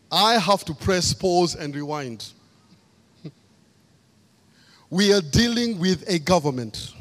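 A man from Kenya with a slightly high voice preaches a sermon in a church hall. He hammers his points home by repeating key phrases. His voice rings with a long hall reverb.

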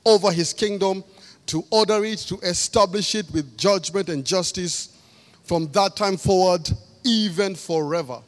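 A man from Kenya with a slightly high voice preaches a sermon in a church hall. He hammers his points home by repeating key phrases. His voice rings with a long hall reverb. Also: unhurried.

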